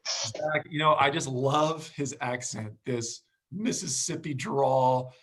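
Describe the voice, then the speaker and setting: A man's voice: mid-range voice, slow, fairly bright tone. A man hosting an interview show, upbeat and encouraging with his guests. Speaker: podcast host.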